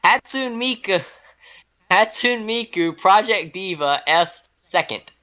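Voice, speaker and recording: A bright, lively man runs down a list on a casual gaming show. His pitch swings up on each title and drops for the verdict. He talks slowly and laughs easily at himself. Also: smooth, muffled recording. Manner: reads items in a rising-then-falling singsong, laughs often; giggly, self-mocking. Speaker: podcast co-host. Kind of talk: casual chat reading a list.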